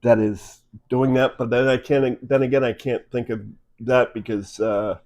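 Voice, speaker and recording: A man in easygoing conversation at a middle pitch, rambling along and dropping in "you know" as he goes. He co-hosts a relaxed chat, and he is picked up on a phone. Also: moderate pace. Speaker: co-host. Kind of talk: casual chat.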